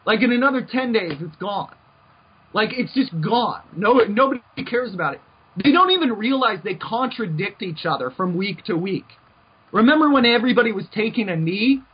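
Man, podcast host, heated rant, husky high voice, dull lo-fi sound. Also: lively intonation, normal speed. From United States. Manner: heated, repetitive, stumbling restarts. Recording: dull lo-fi recording.

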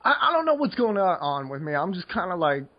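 American male podcast co-host, higher pitch, tired and loose, slightly dull lo-fi sound. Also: very animated, brisk. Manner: rambling, filler-heavy, laid-back. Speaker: podcast co-host, poker coach. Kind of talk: casual podcast chat.

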